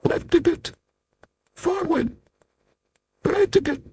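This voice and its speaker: A man's voice: lively intonation, slow pace, darkish tone, dry recording, lo-fi sound, heavily acted. Mister Small, a tiny fretful storybook man. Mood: directing. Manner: squeaky, urgent. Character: tiny anxious male storybook character.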